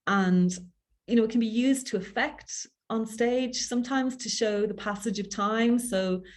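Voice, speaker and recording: A woman with an Irish accent giving a quick, chatty public speaking workshop, self-deprecating and informal. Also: on the high side. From Ireland. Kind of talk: workshop talk.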